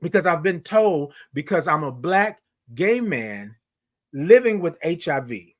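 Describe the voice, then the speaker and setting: A man with a high, light voice gives a motivational monologue on his morning show. He preaches to his listeners, calls them y'all and repeats key lines for weight. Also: big pitch swings, a little slow.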